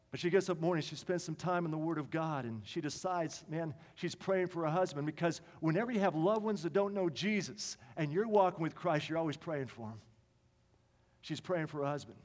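A man preaching a sermon with passion, swinging from emphatic lines to quiet ones. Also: on the high side, normal speed. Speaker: pastor. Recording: long reverb of a large hall.

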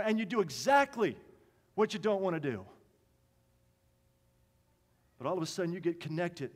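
Guy preaching in a big echoey church, high voice, emphatic then soft. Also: sing-song, fast. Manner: passionate, emphatic, swings to soft quiet tones. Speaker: pastor. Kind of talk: sermon. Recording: long reverb of a large hall.

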